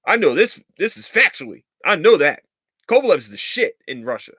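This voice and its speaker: A man's voice: fairly high pitch, sing-song, fairly quick, bright, forceful tone, slightly rough, no room sound, studio quality. A man hosting a podcast, ranting in a heated, profane and sarcastic way, repeating lines for emphasis. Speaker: podcast host. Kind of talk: casual rant.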